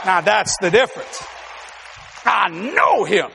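An older man preaching a sermon, telling joking stories with exuberant bursts of shouting. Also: extremely high pitch, expressive, a little fast, a crowd in the background, noisy background.

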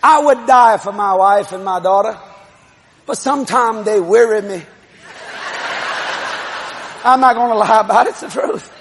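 High-voiced shouting preacher. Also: male voice, measured pace, long pauses. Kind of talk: televised sermon. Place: church service before a congregation. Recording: live congregation with loud laughter and noise.

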